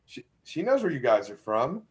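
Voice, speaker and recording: A man hosting a live fishing show, chatting casually with loud, jokey, teasing banter. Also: medium pitch, wildly swooping pitch, moderate pace. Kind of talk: casual live-stream chat.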